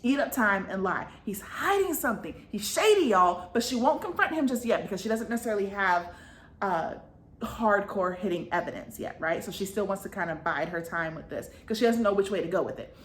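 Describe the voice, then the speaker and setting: A woman's voice: medium pitch, expressive, a little fast, roomy sound. A woman vlogger recapping a book in a chatty, slangy way, full of fillers.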